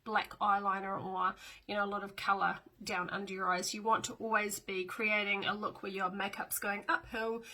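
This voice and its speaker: A woman's voice: medium pitch, little pitch movement, moderate pace, bright, forceful tone, low-quality recording. A middle-aged woman, chatting casually through a step-by-step makeup demo with fillers and small asides. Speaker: makeup tutorial host.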